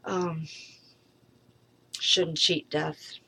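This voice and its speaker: A middle-aged woman in a rambling personal monologue, frustrated, halting, swearing freely and trailing off. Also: low-pitched, steady tone, vocal fry, pushed and bright, a little hiss or hum. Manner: halting, with many pauses and fillers. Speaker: vlogger.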